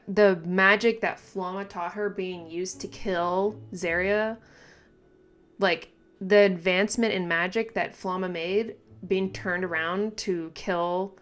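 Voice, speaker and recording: A woman reacting casually to a manga, thinking aloud with lots of fillers and restarts, and breaking into excited exclamations and giggles. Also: fairly low pitch. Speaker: manga reaction channel host.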